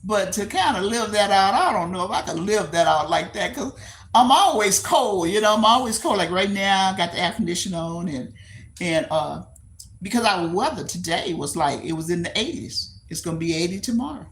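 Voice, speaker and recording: Gravelly older Texan woman chatting live. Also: fairly low pitch, animated, a little fast. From Texas. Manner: rambling, repeats herself, laughs easily; reads and answers viewer comments aloud. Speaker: livestream host. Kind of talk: casual chat with live viewers.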